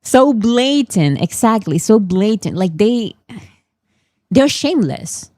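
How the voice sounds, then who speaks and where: A woman's voice: medium pitch, very animated, slow pace, warm tone, dry recording. A woman hosting a casual commentary, translating fan clips in a chatty way with fillers and restarts. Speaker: host.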